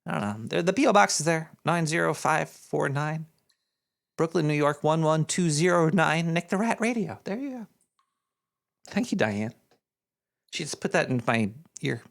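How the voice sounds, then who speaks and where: A man puts on a gravelly, slightly high voice with lively intonation at a normal speed to play a paranoid cartoon rat hosting a radio show. He rambles in a scatterbrained, live-stream style, tossing in jokey asides as he reads out donations.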